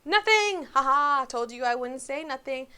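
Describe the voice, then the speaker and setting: A woman's voice: high voice, normal speed, bright, forceful tone. A woman voicing a mischievous male poltergeist who taunts in a sing-song voice and bellows. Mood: bellowing gleeful. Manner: shrieking, bellowing.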